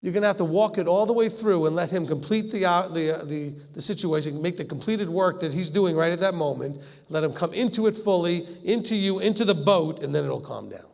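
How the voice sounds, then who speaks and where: A man teaches scripture conversationally, acting out the quoted lines and laughing often. His voice is high-pitched with vocal fry, a little fast, and carries a long hall reverb.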